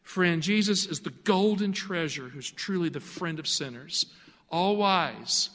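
Male preacher, high-pitched, earnest and emphatic, sermon in a reverberant hall. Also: animated, a little slow, fairly bright tone.

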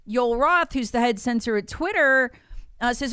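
A woman's voice: on the high side, lively intonation, moderate pace, fairly bright tone, clear, resonant tone, no echo, clean studio sound. A woman giving emphatic, indignant political commentary on a talk show, mocking the officials she quotes.

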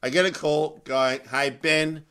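With a clear, resonant, fairly high voice, a male comedian spins a long story in a relaxed podcast conversation, speaking a little slowly. He tells it with animation, laughing as he goes.

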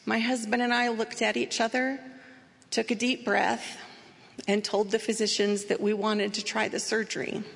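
Woman sharing her story, earnest and measured, gravelly edge, big hall echo. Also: mid-range voice, little pitch movement, fairly bright tone. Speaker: speaker sharing a personal story. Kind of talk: personal testimony talk.

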